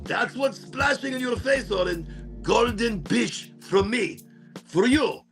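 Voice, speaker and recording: A man voicing his excited young male cousin, a loud teasing prankster who shouts gleefully. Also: takes it slowly, gravelly, soft background music, full character voice. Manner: shouting, gleeful, high-pitched.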